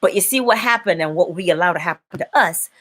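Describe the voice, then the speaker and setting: A woman hosting a live-stream inspirational talk, preaching in an animated way and laughing often. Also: on the low side, fast talker. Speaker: inspirational speaker and host.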